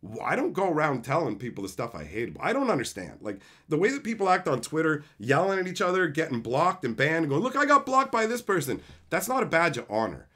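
A fairly high-voiced man on a live stream, his tone bright and cutting. His pitch swings widely as he rants, swearing freely and sounding exasperated. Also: very animated, fairly quick, few pauses, breathy edge. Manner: profane, exasperated ranting. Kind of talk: livestream rant.

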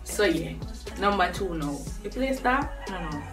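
A woman's voice: on the low side, lively intonation, a little slow, distant mic. A young woman with a Jamaican accent talking casually to camera, chatty and laughing between points. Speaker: vlogger. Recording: voice a bit off-mic with faint music behind.

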